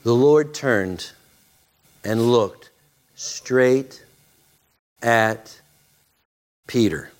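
A man's voice: mid-range voice, extremely slow, pauses often. A male pastor preaching a sermon, dramatic and repeating phrases for emphasis.

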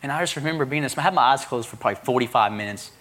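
A male pastor preaching a sermon, telling a personal story in an animated way and acting out the dialogue himself. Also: medium pitch, very fast. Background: congregation responding.

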